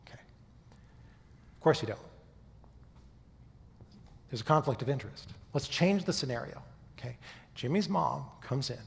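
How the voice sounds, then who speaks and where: A man's voice: medium pitch, vocal fry, in a large hall. A man giving a talk to an audience in a conversational teaching manner, often checking in with his listeners. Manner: conversational lecturer, often checks in with "okay?" and "right?". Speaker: speaker giving a talk on faith and history. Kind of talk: presentation to a live audience.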